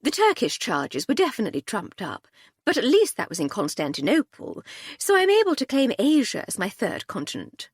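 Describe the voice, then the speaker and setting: A woman's voice: on the high side, huge pitch swings, normal speed, breathy edge, no echo, voice pushed up, exaggerated voice. A woman narrator voicing a witty, unflappable upper-class lady detective with a dry, breezy manner.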